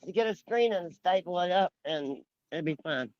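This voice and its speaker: A man's voice: sits high, lively intonation, moderate pace, darkish tone, no echo, muffled recording. A man joining a livestream chat, easygoing and searching for words. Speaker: guest on livestream. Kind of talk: casual chat.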